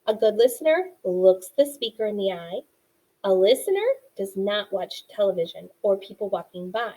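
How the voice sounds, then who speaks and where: A woman with a fairly high voice teaches a class of young children. She explains slowly and clearly and quizzes them on words with encouraging replies. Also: poor audio. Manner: warm, animated teacher talk with questions to pupils.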